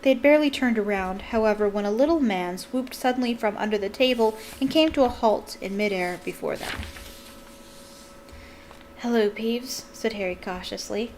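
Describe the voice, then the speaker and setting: A woman giving an expressive, dramatic reading of a novel, shifting emphasis with the story. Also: mid-range voice, fairly quick, few pauses, slight background noise, poor audio. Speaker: reader.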